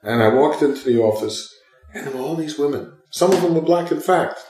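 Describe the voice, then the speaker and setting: A man's voice: fairly high pitch, fairly quick, echoey room, slight background noise, low-quality recording. An older man, a former teacher, telling a story in an interview and acting out the voices of everyone in it. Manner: animated, acts out both sides of dialogue. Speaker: retired professor and guest.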